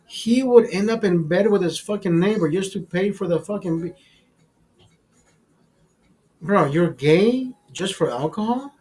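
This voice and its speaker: A man's voice: high voice, animated, unhurried, long pauses, a little mellow. A young man, the host, telling a long casual story in a rambling, heavily profane way. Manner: profane, rambling, mimics voices.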